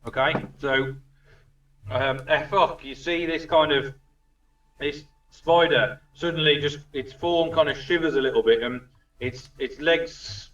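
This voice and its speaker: A man's voice: on the high side, fairly even intonation, a little slow, a bit bright. A man narrating as dungeon master, chatty and casual, swearing freely. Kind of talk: narrating a tabletop game, casual. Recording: distant roomy lo-fi recording.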